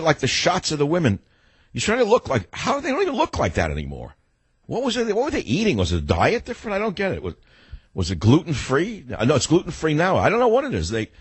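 A man's voice: lowish voice, slightly rough, dry recording. A man hosting a talk radio show, rambling sarcastically through a loose monologue.

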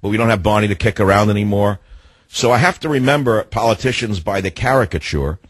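A man hosting a political talk radio show, ranting sarcastically and mocking people with nicknames as his pitch jumps up and down. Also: fast, slightly rough, dry recording.

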